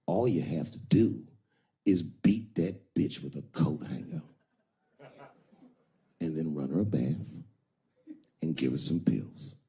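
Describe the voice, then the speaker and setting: A man playing a cold, menacing older pimp, speaking low and hushed. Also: lively intonation, slow pace, pauses often, exaggerated voice.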